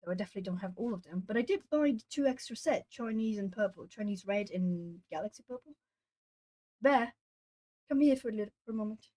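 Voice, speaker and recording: A woman's voice: mid-range voice, expressive, fast, dark tone. A woman with Portuguese as her hosts an art stream at home. She chats casually with viewers while she colours, musing aloud as she goes. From Brazil.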